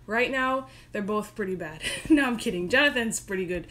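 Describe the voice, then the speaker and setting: A woman's voice: medium pitch, lively intonation, normal speed, a bit bright. A young woman hosting a casual live stream from her bedroom, chatty, giggly and self-deprecating. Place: home bedroom.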